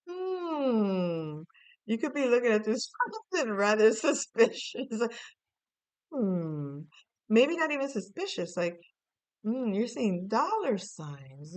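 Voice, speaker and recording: Slow, smooth-voiced woman reading tarot. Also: on the high side, darkish tone, no echo, low-quality recording. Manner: playful, musing aloud, chatty asides. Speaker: tarot reader.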